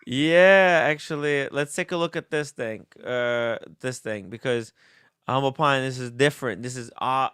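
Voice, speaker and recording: Slow-talking bright-voiced man. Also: medium pitch, smooth, no echo, clean studio sound. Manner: laid-back, reads out viewer messages. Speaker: host. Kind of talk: casual livestream chat about watches.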